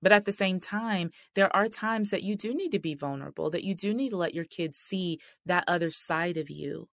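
A woman's voice: fairly low pitch, moderate pace, dry recording. A middle-aged woman hosting a faith-based marriage podcast, talking directly and earnestly to listeners. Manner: earnest, direct, addresses listeners as "y'all" and "sis". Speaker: podcast host.

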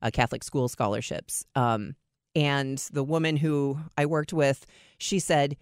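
A middle-aged woman tells stories from her working life in a relaxed interview. She is candid and self-deprecating, and she leaps up in pitch to act out what people said. The studio sound is dry and close. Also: a little slow, smooth, no room sound. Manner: lively, self-deprecating, acts out quotes with big pitch jumps. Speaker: radio host, guest. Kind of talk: conversational interview storytelling.

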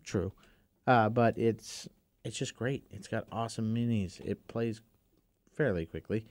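A man's voice: lowish voice, unhurried, a little mellow. A man on a board game podcast panel, laid-back and wry. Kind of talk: casual chat.

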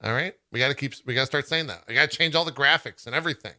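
A man hosting a casual gaming talk show, chatting loosely with a co-host and joking between topics. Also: medium pitch. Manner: relaxed, joking, talks in quick bursts. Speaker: podcast host. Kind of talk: casual chat.

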